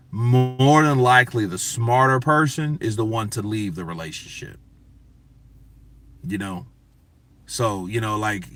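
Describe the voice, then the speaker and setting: A man's voice: fairly low pitch, sharp tone. A man hosting a boxing news show, talking in a casual, profane, emphatic rant to his viewers. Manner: profane, emphatic, talks to chat.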